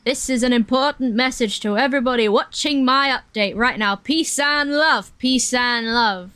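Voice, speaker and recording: A woman's voice: a little high, moderate pace, sharp tone, clean tone, no echo. A woman doing an impression of a famous older male musician, drawing out mock-solemn warnings.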